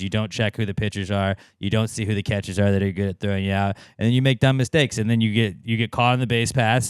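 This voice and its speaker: Smooth-voiced man ranting casually. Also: lowish voice, dry recording, studio quality. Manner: rambling, animated, swears a lot. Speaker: podcast co-host. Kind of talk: casual chat.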